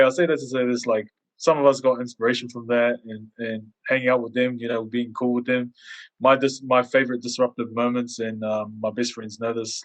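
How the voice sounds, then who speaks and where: A man's voice: medium pitch, rough recording. A man co-hosting a casual podcast chat, telling stories animatedly and acting out quoted lines. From Samoan community in New Zealand. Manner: animated storyteller who acts out quotes. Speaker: podcast co-host.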